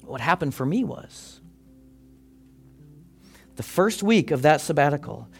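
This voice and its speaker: A pastor preaching a sermon to his congregation, animated, acting out people's worries in quick quoted asides. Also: fairly high pitch, slightly rough, soft background music.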